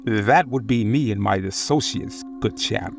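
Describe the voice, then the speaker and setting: A man's voice: mid-range voice, big pitch swings, normal speed, soft background music, natural voice. A man voicing a brash, egotistical young male jock who clowns and pushes the group in a spoken horror story. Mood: mock-posh. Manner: loud, clowning, pushy.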